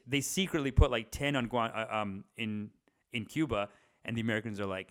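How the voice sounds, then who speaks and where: Talking a little fast in a medium-pitched, fairly even voice, a young man vlogs to the camera inside his parents' house. He chats and swears his way through a loose, rambling monologue packed with fillers and restarts.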